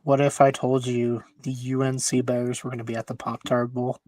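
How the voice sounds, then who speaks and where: A man's voice: mid-range voice, little pitch movement, moderate pace, darkish tone, dry recording. A man hosting a casual sports podcast, easygoing and chatty, steering the talk with questions. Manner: easygoing, chatty, laughs often. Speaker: podcast host.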